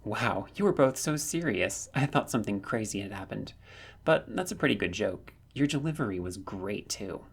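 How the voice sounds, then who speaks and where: A man voicing a confused, eager young male soldier who fires off questions, with a husky voice. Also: lowish voice, animated, exaggerated voice. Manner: bewildered, rapid-fire questioning.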